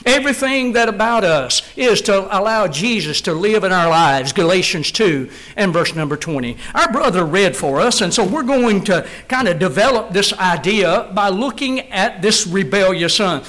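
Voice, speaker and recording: Middle-aged preacher guy, pretty high voice, earnest, hammers points home with repeats. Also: a bit bright, low-quality recording. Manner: earnest, emphatic, repeats phrases for stress. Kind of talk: sermon.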